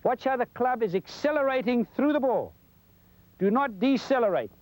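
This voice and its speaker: A man's voice: very high-pitched, animated, normal speed, a little mellow, no room sound, low-quality recording. A man giving a folksy golf lesson for television, demonstrating as he talks. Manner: folksy, demonstrating while talking. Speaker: golf instructor. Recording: 1990s television broadcast.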